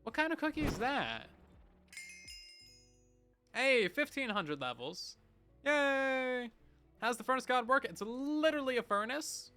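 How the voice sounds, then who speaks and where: An animated young man talks over a game stream in a bright, clear, high voice that rises and falls a lot. He answers viewer messages playfully and chattily from a home streaming setup. Light music plays softly behind him. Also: measured pace, long pauses. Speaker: livestreamer. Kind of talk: casual livestream chat reading viewer messages.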